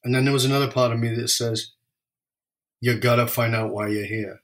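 Male storyteller, candid and reflective, mid-range pitch. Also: fairly even intonation, a little fast. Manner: emotional, reflective, varies pace widely. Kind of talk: personal storytelling.

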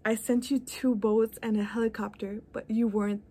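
A woman voicing God, who calmly explains why he let a man drown. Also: fairly high pitch, moderate pace, slightly rough. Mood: patient. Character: patient God answering a dead man.

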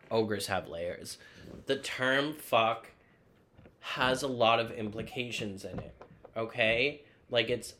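A man's voice: mid-range voice, pushed and bright. A man hosting his own podcast, talking in a rambling, profane, self-deprecating solo monologue full of filler words. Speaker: podcast host.

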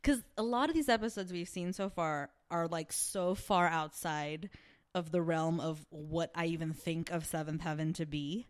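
A woman's voice: low voice, moderate pace. A woman co-hosting a podcast in casual chat, talking in a chatty way full of "like" and "you know". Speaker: podcast co-host.

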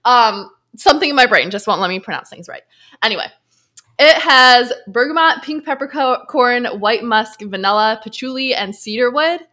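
Young woman cohost, bright kinda high voice, chill and self-deprecating. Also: animated, normal speed. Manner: laid-back, self-deprecating, chatty. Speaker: podcast co-host. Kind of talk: casual chat about perfume.

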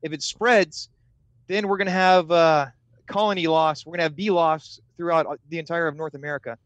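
Guest beekeeper, man, slightly high voice, halting with fillers, dry sound. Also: steady tone, a bit bright, no room sound. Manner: hesitant, many filler words. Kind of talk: casual podcast chat.

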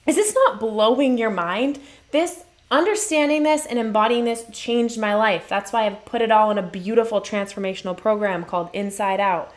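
A woman's voice: fairly high pitch, moderate pace. A woman speaking as a relationship coach in a motivational live-stream talk, earnest and emphatic, repeating her key phrases and reading viewer comments.

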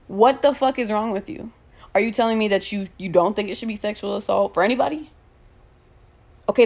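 A woman's voice: medium pitch, darkish tone. Heated, profane woman ranting. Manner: heated, profane, rapid rhetorical questions. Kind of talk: angry rant to camera.

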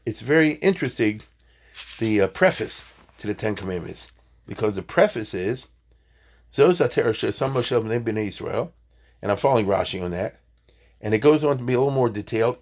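A man's voice: lowish voice, darkish tone. A man teaching an informal Torah class, chatty, with joking asides and Hebrew terms.

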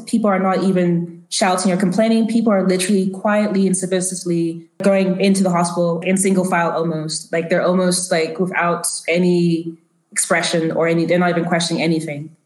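A woman's voice: fairly low pitch, steady tone, a little fast, darkish tone. A woman narrating a tabletop role-playing game as game master, with a loose, descriptive manner full of fillers. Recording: roomy echo.

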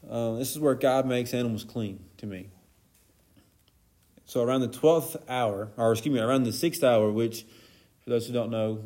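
A man's voice: mid-range voice, dark tone. A man giving an informal Bible lesson in a casual, conversational way, with plenty of fillers and asides. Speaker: Bible study teacher.

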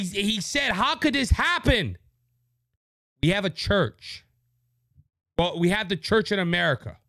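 A man's voice: high voice, a bit bright, no room sound, clean studio sound. Fervent, preachy male podcast host. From Louisiana. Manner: preachy, fervent, repeats words when worked up. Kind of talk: impassioned political podcast monologue. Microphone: studio microphone.

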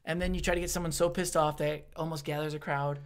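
A man in his thirties, a stand-up comedian chatting casually, who gets loud and excited and swears freely. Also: a little high, fast. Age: 30s. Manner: loud, excitable, swearing, acts out crowd voices. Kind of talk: casual podcast chat.

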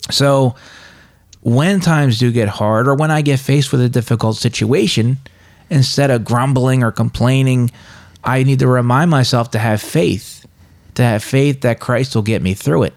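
A man's voice: medium pitch, normal speed, darkish tone. A man co-hosting a casual Bible discussion podcast, talking in an earnest, confessional way. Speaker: podcast co-host.

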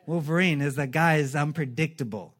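Guy pastor preaching a sermon in church, kinda high voice, super animated, cracks jokes and does little voices. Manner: animated, joking, acts out quick character voices.

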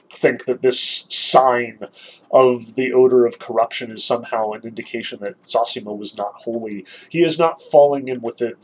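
A husky-voiced man lecturing on a novel, earnest and emphatic, leaning hard on the points he wants students to notice. His pitch sits in an ordinary middle range, with a rough, breathy edge throughout. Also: rough recording. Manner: earnest and emphatic, with frequent restarts. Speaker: literature lecturer. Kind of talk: literature lecture.

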